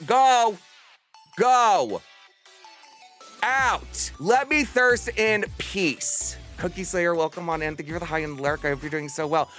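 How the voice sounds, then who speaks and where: A man's voice: fairly high pitch, a bit bright. A man in his thirties chatting casually with viewers on a livestream, bubbly and theatrical. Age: 30s. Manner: bubbly and theatrical, bursts into playful screams.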